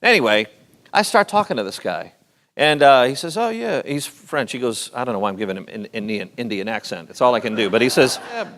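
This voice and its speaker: Animated joking pastor man. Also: mid-range voice, a little fast. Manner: animated, joking, puts on voices in stories. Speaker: pastor and show host. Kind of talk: talk-show hosting and sermon. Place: church event stage.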